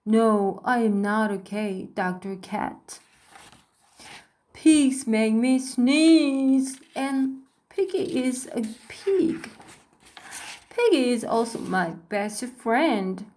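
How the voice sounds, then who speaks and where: A woman's voice: on the high side, drawn-out words, a little mellow. A woman reading a storybook aloud, voicing a worried, sneezy male elephant who stammers and frets. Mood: gloomy. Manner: stammering, sniffly, fretful.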